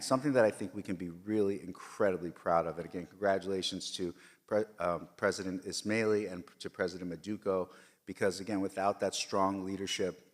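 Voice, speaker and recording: A man giving a formal speech at a board meeting, emphatic and repetitive, with frequent fillers. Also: sits low. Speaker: system leader giving a report. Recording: long reverb of a large hall.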